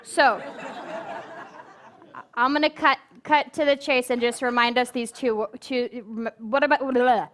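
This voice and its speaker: High, bright, giggly woman minister. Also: steady tone, unhurried, pauses often. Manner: giggly and playful, laughing between phrases. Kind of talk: casual sermon talk to a congregation. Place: spiritual center service before a live audience.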